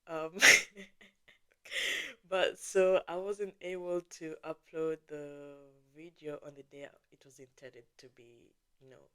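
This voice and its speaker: A woman with a sore throat chats easily as host of her own podcast. Her voice sits low and smooth, and she takes her time, drawing out filler words between thoughts. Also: little pitch movement, sharp tone. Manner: chatty and easygoing, drawn-out filler words. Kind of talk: casual podcast chat.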